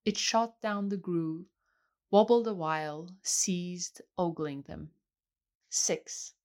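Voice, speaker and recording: A woman reading a literary novel aloud in a measured, even way. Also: fairly low pitch. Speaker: audiobook reader. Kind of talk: literary audiobook narration.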